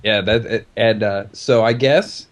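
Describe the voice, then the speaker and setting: A man's voice: on the low side, takes it slowly. A man in casual chat, telling his own story and acting out the lines of everyone in it. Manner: animated storyteller acting out quotes.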